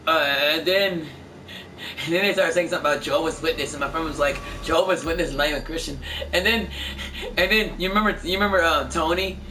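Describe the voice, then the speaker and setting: A man's voice: fairly high pitch, quick pace, sharp tone. A man streaming a game, chatting casually and telling stories in a rambling, stumbling way with many restarts. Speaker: gameplay streamer. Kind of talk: casual chat while gaming. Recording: distant mic with background noise.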